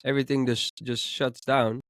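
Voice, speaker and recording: Hoarse-sounding male podcast co-host. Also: mid-range voice, moderate pace. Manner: relaxed, rambling with many fillers. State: hoarse with a cold. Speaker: podcast co-host, music producer. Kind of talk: casual podcast chat.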